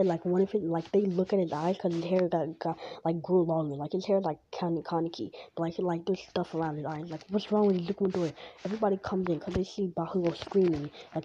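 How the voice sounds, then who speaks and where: A woman rambles through a made-up story, filling it with "like" and starting over mid-sentence. Her voice is fairly low and mellow. The recording is dull and lo-fi, with a faint hiss behind her. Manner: rambling, full of "like" and restarts.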